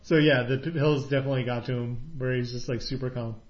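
A man's voice: mid-range voice, fairly even intonation, quick pace. A man chatting casually, retelling a story at length with plenty of fillers. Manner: rambling retelling with many fillers, quoting characters. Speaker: podcast co-host recapping a TV episode. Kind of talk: casual chat. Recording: echoey room, dull lo-fi sound.

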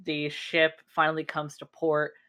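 A woman narrating a tabletop role-playing session as game master, calm and measured. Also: deep voice.

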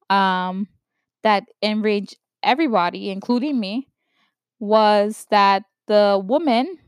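A woman from New York giving opinion commentary, stressing words slowly and checking in with "right?". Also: mid-range voice, no room sound. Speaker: vlogger commenting on news.

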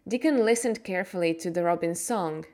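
A woman reading a graded storybook aloud for English learners, clearly and a little slower than everyday speech. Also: lowish voice, a little mellow. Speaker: podcast reader.

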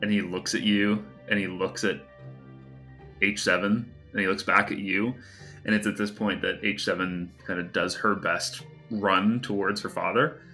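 A man with a lowish, bright, forceful voice narrates a tabletop game as game master. His telling is loose and casual, full of little hesitations. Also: level tone, normal speed, soft background music.

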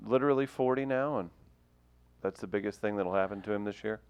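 Male co-host, lowish smooth voice, dry teasing. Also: brisk, dry recording, lo-fi sound. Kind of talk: casual banter.

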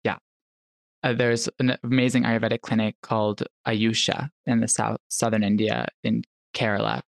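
A man's voice: on the low side, moderate pace, vocal fry, no room sound. A young man as a podcast guest, casually telling a personal story and acting out what people said. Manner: animated storyteller who acts out quotes.

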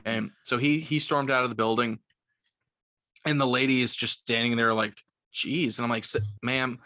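A young man co-hosting a casual podcast, telling stories with lots of swearing and animated quoting, sounding a bit tipsy. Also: medium pitch, normal speed, no room sound, clean studio sound. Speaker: podcast co-host. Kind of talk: casual chat, storytelling.

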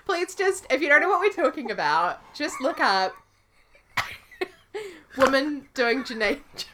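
A woman's voice: high-pitched, very animated, a little slow, background noise. A woman co-hosting a casual podcast chat, teasing and laughing often while she talks. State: recovering from illness. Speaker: podcast co-host.

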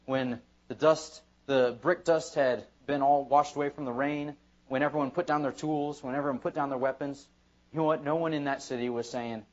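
A man's voice: mid-range voice, steady tone, normal speed. A man pastor preaching an evening sermon in church, emphatic and repetitive. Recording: dull lo-fi sermon recording.

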